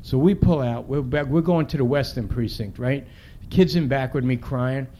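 A man's voice: mid-range voice, normal speed, warm tone, slight background noise, natural voice. A man reading aloud in the voice of a brash, defensive city cop telling a story in street slang. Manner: tough street slang, profane, rambling.

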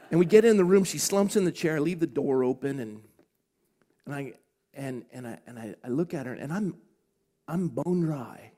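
A male pastor telling a personal story in a sermon, confessional and animated, acting out the other people's voices as he goes. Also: fairly high pitch, normal speed.

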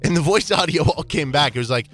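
A man co-hosting a casual sports talk show, chatty and animated as he tells stories. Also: on the high side, fast talker, faint music behind. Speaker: radio co-host.

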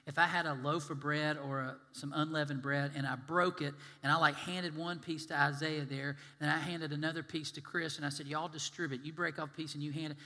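A man's voice: a little high, pushed and bright. A man preaching a sermon as pastor, folksy and conversational, acting out the voices he quotes. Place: church sanctuary. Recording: long reverb of a large hall.

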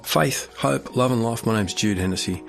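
A man hosting a faith radio show, presenting in a relaxed, chatty way with a few restarts. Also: medium pitch, moderate pace, gravelly, over music. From Australia. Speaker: radio host.

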